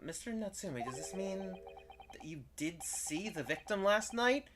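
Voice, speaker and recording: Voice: mid-range voice, expressive, a little slow, background noise, voice pushed up, natural voice. A player reading aloud from a mystery game, voicing an earnest young male defense lawyer who asks polite questions. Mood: probing.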